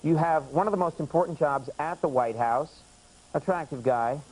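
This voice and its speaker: A man in his thirties hosting a late-night talk show, interviewing a guest with teasing jokes and quick asides. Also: fairly high pitch, darkish tone, poor audio. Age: 30s. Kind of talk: comic interview banter. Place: TV studio with audience. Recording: VHS archive tape with faint hiss.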